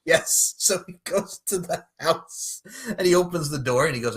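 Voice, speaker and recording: A man recaps a movie on a pop culture podcast with a husky, bright, forceful voice. His pitch swings widely as he swears, laughs and acts out the characters' lines. The delivery is loose and animated. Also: moderate pace. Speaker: podcast co-host.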